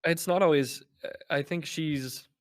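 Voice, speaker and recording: A man chatting casually as a guest on a podcast, animated and playful, slipping into mock voices. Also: on the high side, a little slow. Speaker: guest, game developer.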